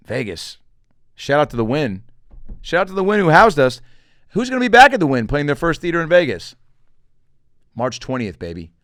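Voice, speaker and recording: Animated, joking man hosting a podcast. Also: mid-range voice, dry recording, studio quality. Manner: animated, joking, swearing, does quick voices for quotes. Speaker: podcast host and comedian. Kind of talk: casual solo podcast monologue.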